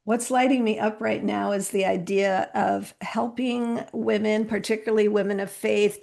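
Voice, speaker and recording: Gravelly-voiced earnest woman podcaster. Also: mid-range voice. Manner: earnest, animated, with many restarts. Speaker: podcast host interviewed as guest. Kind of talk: casual conversational interview.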